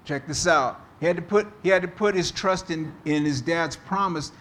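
A man preaching a sermon as pastor, slow and deliberate, telling a story to make his point. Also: on the high side, a bit bright, slight background noise.

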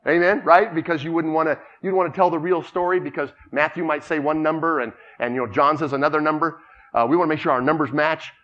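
Male pastor preaching, kinda high voice, muffled lo-fi sound, keeps asking the crowd to answer. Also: fast talker, a bit bright. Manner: storytelling, asks the congregation for responses. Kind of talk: sermon. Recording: dull lo-fi recording.

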